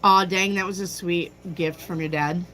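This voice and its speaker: A woman's voice: on the low side, fairly even intonation, moderate pace, pushed and bright, poor audio. A woman hosting a tarot livestream, chatting casually, telling a personal story and answering viewer comments. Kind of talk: casual chat with live chat.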